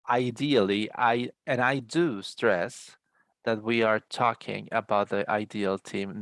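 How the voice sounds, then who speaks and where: Male teacher, gravelly voice, dry close sound, lecturing students over a video call. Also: fairly low pitch, a bit bright, dry recording. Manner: repeats words, frequent "right?" checks. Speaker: English teacher. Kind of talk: online class explanation.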